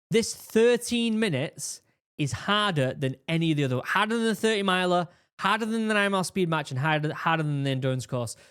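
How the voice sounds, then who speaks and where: Animated ex-marine commentator. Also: male voice, a little high, clear, resonant tone. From England. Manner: animated, exclaiming, with repeated restarts. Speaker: reaction video host, former Royal Marine. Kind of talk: casual commentary reacting to video.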